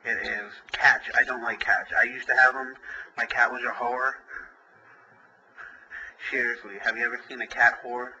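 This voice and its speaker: A man's voice: medium pitch, flat delivery, moderate pace, long pauses, sharp tone, husky, muffled recording. A man hosting a call-in show as a comedian, telling crude, rambling jokey stories.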